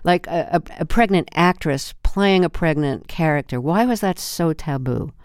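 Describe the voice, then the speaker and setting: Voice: mid-range voice, normal speed, clear, resonant tone, dry recording, clean studio sound. A radio interview host speaking casually, setting up questions and stories. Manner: casual, incredulous, with "like" fillers.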